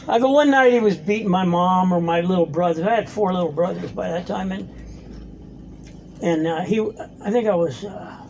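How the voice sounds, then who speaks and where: A man's voice: high-pitched, creaky, darkish tone, slight background noise, low-quality recording. A middle-aged man telling his recovery story at a meeting, blunt and profane, acting out both sides of the conversations he recalls. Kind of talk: personal story talk. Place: meeting room.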